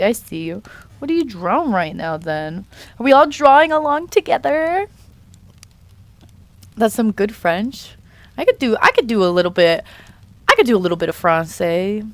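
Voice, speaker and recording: A woman's voice: lowish voice, no room sound. A young woman chatting casually on a live stream while she draws, playfully reading and answering chat messages. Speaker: art streamer.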